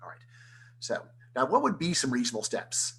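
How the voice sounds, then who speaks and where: A man, an economics professor, giving an online lecture in a conversational style, full of rhetorical questions and quick restarts. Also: medium pitch, huge pitch swings, creaky, fairly bright tone, breathy edge, rough recording. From United States.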